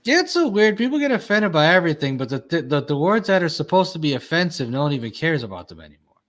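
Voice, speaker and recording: A man's voice: fairly high pitch, big pitch swings, fast, a bit bright. A man hosting a casual talk show, rambling and crude as he talks. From Chicago. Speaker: podcast host. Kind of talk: casual chat.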